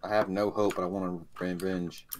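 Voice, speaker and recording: A man's voice: low voice, little pitch movement, normal speed, noisy background. A man gaming with a friend over a voice call, teasing, boastful and bossy as he gives orders. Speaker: gamer in a voice call. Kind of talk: casual gaming banter.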